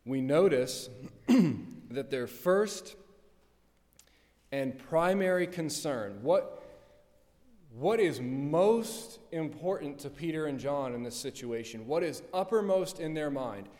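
A man's voice: a little high, a little mellow. A pastor preaching a sermon, pressing his point with rhetorical questions and repeated words. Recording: long hall reverb.

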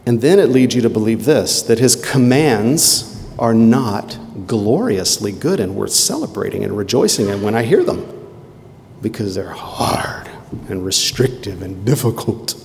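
A man preaching a sermon in a conversational way, with quick asides and emphatic rhetorical questions. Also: fairly low pitch, lively intonation, gravelly, darkish tone, slight background noise. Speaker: pastor. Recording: long hall reverb.

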